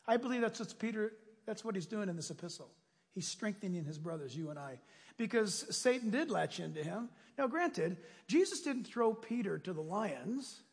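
Animated preacher in a reverberant hall. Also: male voice, high-pitched, normal speed, breathy edge. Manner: animated storyteller acting out voices. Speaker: pastor. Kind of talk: sermon.

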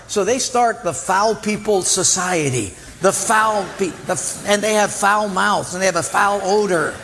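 High-voiced preacher in a reverberant church. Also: male voice, measured pace, gravelly, few pauses, slight background noise. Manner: animated storytelling, acts out voices. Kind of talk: sermon with illustrations. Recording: long hall reverb.

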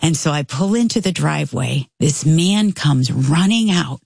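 Woman, low gravelly voice, animated casual storyteller, dry close mic. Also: moderate pace, few pauses, dry recording. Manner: animated, acts out quoted voices. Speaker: storyteller guest.

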